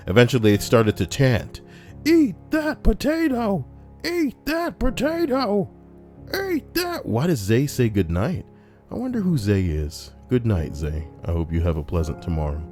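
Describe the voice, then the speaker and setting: A young man casually reading a list aloud on a live stream and chatting with viewers, animated and prone to ranting in put-on voices. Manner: animated, breaks into high-pitched put-on voices and rants. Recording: soft music underneath. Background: soft background music.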